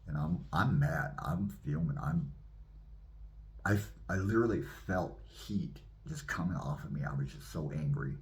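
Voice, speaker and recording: Brief: low-voiced male minister, animated testimony storyteller. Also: a little slow. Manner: animated, acts out scenes. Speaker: minister giving his testimony.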